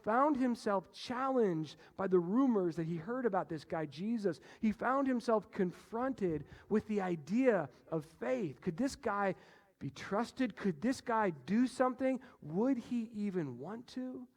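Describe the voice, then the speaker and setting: A man preaching a sermon as pastor, animated, moving between loud emphasis and hushed low passages. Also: unhurried. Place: church sanctuary. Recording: long reverb of a church hall.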